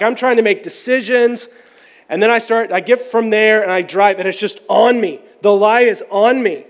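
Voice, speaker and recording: Male pastor, candid storytelling sermon, high register, long church-hall reverb. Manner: candid, conversational, self-deprecating.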